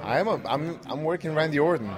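A man's voice: on the high side, animated, fast talker. A man being interviewed, answering in a confident, blunt way with short statements. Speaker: interview guest, pro wrestler. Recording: noisy crowd behind.

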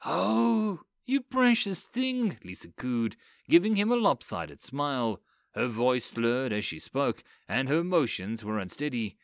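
A man's voice: mid-range voice, very animated, a little slow, no room sound, clean studio sound. A man putting on a mocking demon woman. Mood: cooing. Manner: cooing, mocking, silky. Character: demon woman possessing a girl, mocking, cold.

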